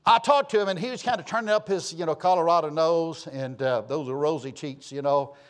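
A Southern preacher man delivers a homespun sermon, his fairly high voice rising into loud calls and dropping into quiet asides. His Southern accent colors every story he tells. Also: brisk. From Georgia, US. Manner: folksy storytelling, swinging between loud preaching and low asides. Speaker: pastor.

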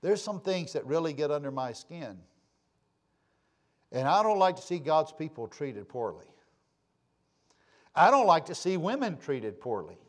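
A pastor delivers a sermon in a fairly high voice, his pitch leaping up and dropping away as he swings from forceful emphasis to hushed, low-voiced asides. He tells stories in a folksy, conversational manner to his congregation. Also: very animated, a little slow, long pauses.

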